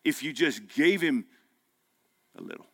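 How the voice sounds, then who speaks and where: A man preaching a sermon at a men's breakfast, folksy and emphatic, climbing to loud peaks. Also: fairly high pitch, animated, unhurried, creaky. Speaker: pastor. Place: men's breakfast gathering hall.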